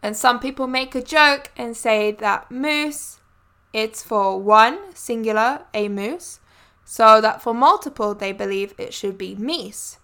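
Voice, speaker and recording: Bright, creaky-voiced woman podcast host. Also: on the high side, slow. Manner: chatty and friendly, light laughs. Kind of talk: solo podcast monologue.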